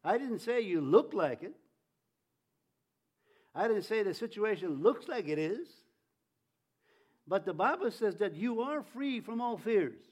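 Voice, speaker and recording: A man preaching a sermon in a high voice, fervent and rousing. He calls on the congregation to answer him and repeat his lines. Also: lively intonation, measured pace, long pauses, darkish tone, slightly rough. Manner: fervent, leads congregation in call-and-response.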